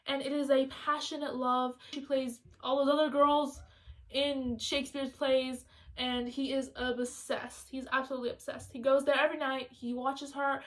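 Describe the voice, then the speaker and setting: High-voiced woman rambling about a book. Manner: chatty, rambling, quick and excitable. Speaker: student book vlogger. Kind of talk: casual rambling book review.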